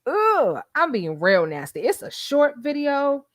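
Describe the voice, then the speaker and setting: A woman's voice: high voice, wildly swooping pitch, measured pace, dry recording, clean studio sound. An older woman hosting a casual livestream, chatting and gossiping with frequent laughs. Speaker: YouTube host.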